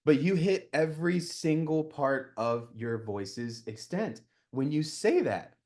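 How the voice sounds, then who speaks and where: A man in his thirties coaching a live group on real estate cold calling, energetic and talking with his hands, often checking in with "right?". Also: a little high, slow pace.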